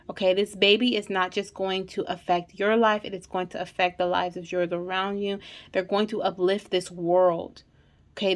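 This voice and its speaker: A woman hosting a spiritual fertility channel, reading angel messages in a monologue. She sounds emotional and near tears, repeats her affirmations and keeps asking "okay?". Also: mid-range voice. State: holding back tears. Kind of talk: intuitive card reading monologue.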